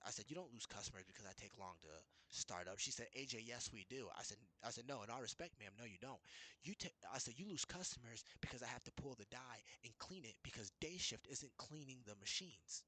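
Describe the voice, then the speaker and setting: A man's voice: medium pitch, fast talker, slightly rough, no room sound. A man casually recounting an argument with his boss, rambling and restarting as he quotes both sides. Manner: rambling, restarts often, quotes others in lively retelling. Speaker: storyteller recounting a work dispute. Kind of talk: casual chat.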